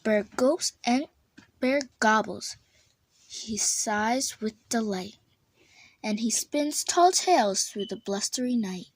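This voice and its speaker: A woman reading a children's storybook aloud, slow and expressive, drawing out the refrains. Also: a little high, breathy edge, dry recording.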